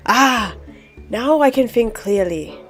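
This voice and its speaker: A woman voicing an upbeat scarecrow in a game, exclaiming brightly. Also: on the high side, animated, takes it slowly, soft background music, voice pushed up. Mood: eager. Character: cheerful scarecrow, eager and upbeat.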